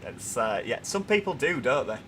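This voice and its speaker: A man's voice: medium pitch, big pitch swings, moderate pace, a bit bright, soft background music. A young man with a Yorkshire accent, hosting a casual livestream and chatting as he reads viewer comments aloud. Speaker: livestream host.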